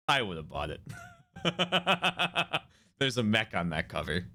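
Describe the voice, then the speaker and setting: Chatty, lively male streamer. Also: lowish voice, slow. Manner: chatty, laughing asides. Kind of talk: casual let's-play commentary.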